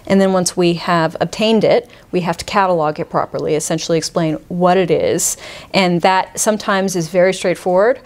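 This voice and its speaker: A woman's voice: on the low side, normal speed, darkish tone. A woman who deals in rare books, talking enthusiastically and thoughtfully in an interview. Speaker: rare book dealer, guest. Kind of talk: conversational interview.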